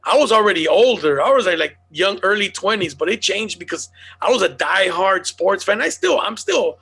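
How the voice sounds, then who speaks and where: A man's voice: high voice, moderate pace, gravelly, breathy edge. A man telling stories in casual, profane chat as a podcast host. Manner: animated storyteller, swears a lot.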